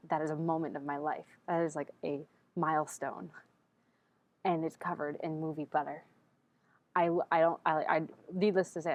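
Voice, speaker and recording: Chatty young woman, exasperated ramble. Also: lo-fi sound. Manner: chatty, exasperated, acts out quotes in a higher voice. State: sleepy at first, speaking quietly in public. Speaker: vlogger. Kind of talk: casual rambling vlog. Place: empty library vestibule, indoors.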